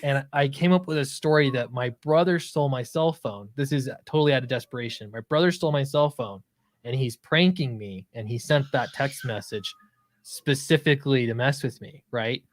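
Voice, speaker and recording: A man's voice: medium pitch, moderate pace, dry recording. A man co-hosting a podcast who tells an embarrassing story in a casual, self-mocking way, often breaking into laughter and restarting his sentences. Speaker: podcast co-host.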